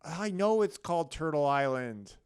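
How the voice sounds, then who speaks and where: A man from Canada co-hosts a casual comedy podcast, ribbing his friend with animated, playful energy and frequent laughs. His voice sits a little high and sounds smooth and clear. The room is dry and close. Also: normal speed, no echo. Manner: teasing, animated, laughs a lot. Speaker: podcast co-host.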